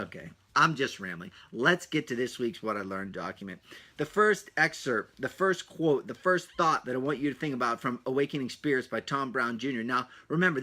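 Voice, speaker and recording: A medium-pitched man hosts a solo podcast, talking energetically and in a rambling way, with punchy asides and a slightly breathless edge.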